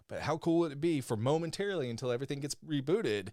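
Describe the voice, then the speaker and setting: A man co-hosting a podcast in casual chat, animated, laughing often and swearing. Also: fairly high pitch, quick pace, dry recording, clean studio sound. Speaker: podcast co-host.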